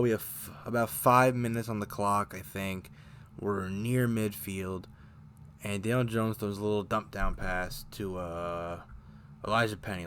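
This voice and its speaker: A man's voice: fairly low pitch, a little hiss or hum. A man hosting a casual fan recap of a football game, rambling and correcting himself as he goes, getting heated over bad plays. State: choking up, briefly coughing. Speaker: fan show host.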